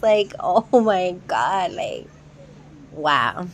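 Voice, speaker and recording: A woman's voice: lowish voice, lively intonation, takes it slowly, fairly bright tone, a little hiss or hum. A young woman casually recapping a reality show episode, chatty and incredulous, laughing often.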